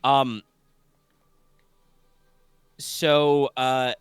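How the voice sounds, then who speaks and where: A man's voice: mid-range voice, level tone, very slow, clear, resonant tone, no echo, soft background music. A man narrating a tabletop game as game master over a voice call, drowsy and rambling with many fillers. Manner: rambling, full of fillers and restarts. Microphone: online voice call.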